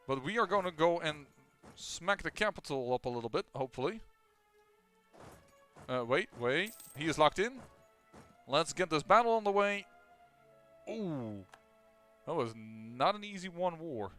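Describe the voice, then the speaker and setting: A fairly high, smooth-voiced man talks his way through a strategy game, thinking aloud and stumbling over restarts and fillers. He sounds clean and close on a desk mic. Soft game music hums faintly beneath him. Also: expressive, measured pace, long pauses. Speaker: gameplay commentator. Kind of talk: casual strategy game commentary.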